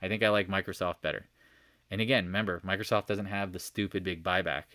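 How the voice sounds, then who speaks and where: A man hosting a casual market recap, talking through charts with jokey asides, swearing and sudden loud outbursts. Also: low-pitched, steady tone, quick pace, dry recording, clean studio sound. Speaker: stock market recap host. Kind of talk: casual screen-share chart commentary.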